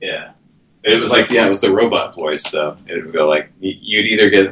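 Host, male, very low voice, rambling casual chat, roomy live recording. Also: brisk, fairly bright tone, slight background noise. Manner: rambling, filler-heavy. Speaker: show host. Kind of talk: casual late-night chat.

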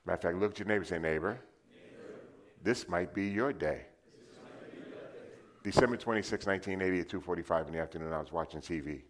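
This older preacher, from New City in New York City, talks very fast with a low voice and few pauses. In his testimony sermon he recounts his story conversationally and leads the congregation in call-and-response.

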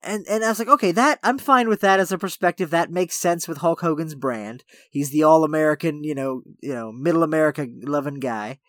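Podcast co-host, casual chat, animated and rambling, says "like" a lot, dry mic. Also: medium pitch, fairly quick, hardly any pauses, dry recording. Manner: animated storytelling, heavy use of "like".

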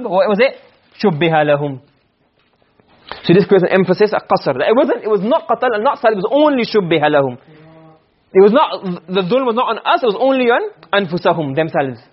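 Male teacher, high voice, dull lo-fi sound, keeps asking if students understand. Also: expressive. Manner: explains with many checks on understanding, recites Arabic quickly. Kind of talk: classroom lecture on Arabic rhetoric. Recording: dull lo-fi recording.

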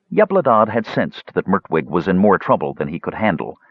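A man narrating a fantasy audiobook in measured, dramatic storytelling. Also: sits low, very animated, breathy edge, dry recording. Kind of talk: scripted narration. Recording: dull, dry lo-fi audiobook recording.

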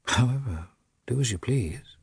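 A man reading the lines of a patronizing, learned elder brother in a measured, lecturing way. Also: medium pitch, lively intonation, gravelly, darkish tone, husky, dry recording, clean studio sound, heavily acted.

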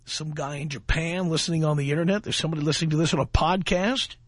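A man's voice: on the high side, fast, a bit bright, no room sound. A man hosting a radio talk show from a studio, delivering a brash, boastful monologue.

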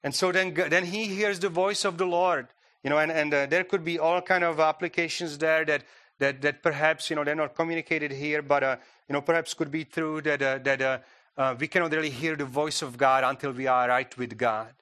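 A male preacher gives a sermon in a church with a bright, slightly high voice. He talks in a loose, conversational way, full of fillers and self-corrections. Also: fairly even intonation, a little fast. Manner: conversational, frequent "you know" fillers and restarts. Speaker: guest preacher.

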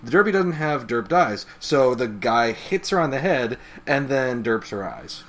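A man co-hosting a podcast, chatting casually through a comic book recap, animated and quick to laugh. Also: mid-range voice. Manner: laughs often, animated and joking. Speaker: podcast co-host.

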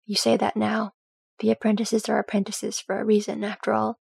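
A woman's voice: medium pitch, monotone, a little fast, vocal fry, a little mellow, slightly rough, no room sound, full character voice. A woman voicing a practical dwarf queen who works as a smith, with a dry, wry manner in a storybook reading.

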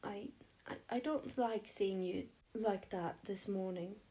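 A woman playing an earnest teenage boy in a storybook, blunt and impatient. The voice is a touch brighter than the narration while staying warm and mellow. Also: medium pitch, slow pace. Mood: flustered. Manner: blunt, impatient, stammering when flustered.

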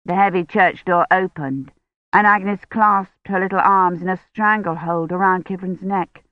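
A woman reads a novel aloud at a slow, measured pace. Her voice sits on the low side and stays calm. The audio is dry and thin, like over a phone line. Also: no echo. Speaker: audiobook narrator. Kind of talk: scripted narration. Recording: dry, tinny phone-like sound.

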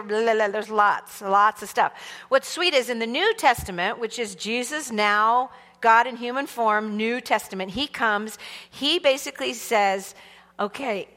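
A woman teaching a sermon in a casual, animated way, leading the congregation in call-and-response. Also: on the high side. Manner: animated, casual and conversational, teasing the audience. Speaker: church teacher. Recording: long hall reverb.

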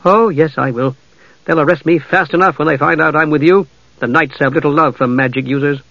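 A man voicing a young male mage who argues in a low, bitter voice, in a storybook reading. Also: fairly even intonation, fairly quick, creaky, fairly bright tone, no room sound, lo-fi sound. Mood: bitter, wary. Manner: argumentative, often low and subdued.

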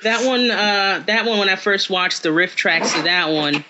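A man's voice: high-pitched, moderate pace, very noisy. A young man chatting casually, rambling and stumbling over words as he tells a story. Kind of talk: casual chat. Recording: dull lo-fi sound.

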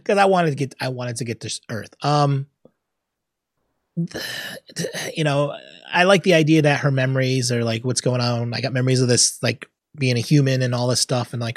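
A man's voice: medium pitch, normal speed, no echo, clean studio sound. A man co-hosting a casual movie podcast, acting out his reactions as he talks. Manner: animated, acts out his own reactions. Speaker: podcast co-host. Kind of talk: casual chat.

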